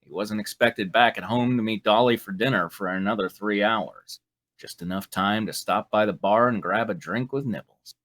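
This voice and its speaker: A man's voice: on the low side, moderate pace, fairly bright tone. Playful man narrating fan fiction. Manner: playful, breaks to laugh and comment. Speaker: narrator and show host. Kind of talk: live reading of fan fiction.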